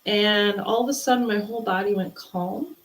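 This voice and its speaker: A woman's voice: mid-range voice, normal speed, reverberant, low-quality recording. A woman, an interview guest, telling a personal story in casual chat and acting out the voices she quotes. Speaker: interview guest, spiritual medium.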